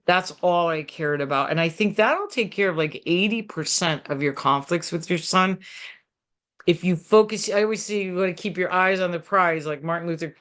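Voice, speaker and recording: Middle aged lady giving a parenting talk, super animated, does little voices for the kids, lots of likes. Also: fairly low pitch. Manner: animated, acts out parents and teens in quoted voices, many fillers.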